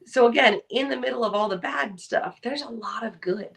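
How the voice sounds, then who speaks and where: A woman co-hosting a podcast, chatting casually and telling lively stories, acting out the people she quotes. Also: fairly high pitch, moderate pace, vocal fry, far from the mic. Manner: animated storyteller, acts out quoted voices. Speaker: podcast co-host. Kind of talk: casual chat.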